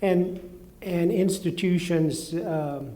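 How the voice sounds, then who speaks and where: An older man being interviewed on stage, recalling events slowly with many pauses and fillers. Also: fairly high pitch, dark tone. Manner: halting, many fillers, reflective. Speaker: former seminary president, guest. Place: studio stage before live audience.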